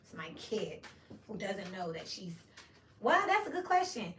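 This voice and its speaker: A tarot reader from Memphis, USA, talks through a casual reading, blunt and cursing, often saying "you know what I mean." Her bright, forceful voice sits at medium pitch with big swings and a measured pace. She is well back from the mic in a roomy, echoing space with a faint hiss.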